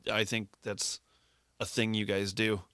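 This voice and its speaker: A man co-hosting a podcast in casual chat, animated and teasing. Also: fairly low pitch, measured pace, a crowd in the background. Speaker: podcast co-host.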